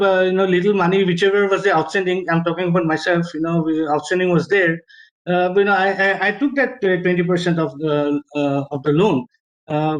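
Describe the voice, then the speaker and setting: A man, a tour business owner speaking in a webinar, halting and emotional, full of fillers and restarts. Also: sits high, muffled recording. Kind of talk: webinar discussion. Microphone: video call.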